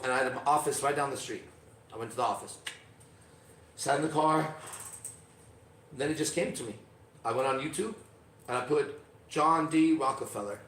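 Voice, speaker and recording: Middle-aged guy podcasting, cusses a lot, gets loud then quiet, sits back from the mic with faint room noise. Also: medium pitch, recorded from a distance. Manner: emphatic and profane, swings from quiet to loud. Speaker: podcast host. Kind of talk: storytelling on a podcast. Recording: roomy echo, off-mic.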